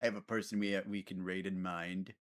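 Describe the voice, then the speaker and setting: A man streaming a game, chatting casually with his viewers in a giggly, animated way. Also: sits low, fairly quick. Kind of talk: casual gaming stream chat.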